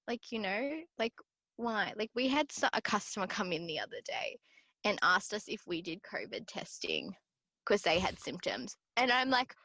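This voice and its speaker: Young woman, podcast guest, casual storyteller with lots of fillers; bright tone, dry close sound. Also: mid-range voice, very animated, normal speed, no room sound. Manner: chatty, filler-heavy storytelling. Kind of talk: casual chat.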